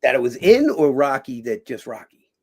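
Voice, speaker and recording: Man, middle-aged, gravelly, animated storyteller, swears often. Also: medium pitch, moderate pace. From Philadelphia. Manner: animated, swears a lot, acts out quoted voices. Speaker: guest. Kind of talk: casual storytelling.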